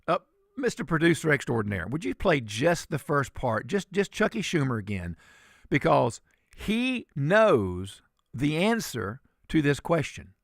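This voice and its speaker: A man's voice: on the high side, very animated, measured pace, gravelly, dry recording, studio quality. A man, filling in as a talk radio host and delivering fiery, indignant commentary.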